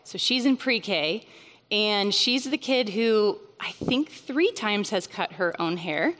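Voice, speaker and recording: A woman in her thirties talks to a group of mothers, loose and chatty, leaning on fillers before she punches a point. Her voice sits at an ordinary middle pitch and carries a long hall reverb. The big room makes her sound a little distant. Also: lively intonation, slow pace, fairly bright tone. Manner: chatty and conversational, many fillers, bursts of emphasis. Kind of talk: casual teaching talk.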